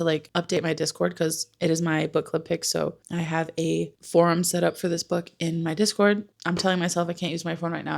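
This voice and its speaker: Emotional young woman, slightly gravelly voice. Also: fairly low pitch. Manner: emotional and exasperated, many "like" fillers, rants about a book. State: emotional, close to tears. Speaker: book vlogger. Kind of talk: casual talking-head vlog update.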